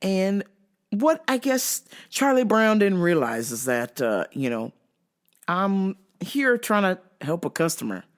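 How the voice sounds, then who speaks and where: A woman hosting a show, telling a comic story in a profane, animated way and laughing often. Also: medium pitch, slow pace. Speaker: host.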